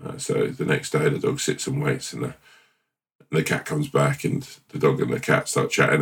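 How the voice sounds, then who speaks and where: A man co-hosting a podcast, chatting casually and telling a rambling, playful made-up story with halting restarts. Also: rumbling low, flat delivery, gravelly, a bit bright, recorded from a distance. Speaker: podcast co-host. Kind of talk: casual chat and improvised storytelling.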